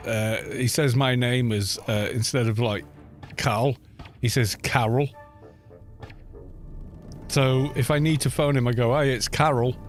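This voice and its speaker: Man, game streamer, casual chat, rambling, exasperated, restarts sentences, faint music behind. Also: medium pitch. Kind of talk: casual chat while gaming. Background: faint background music.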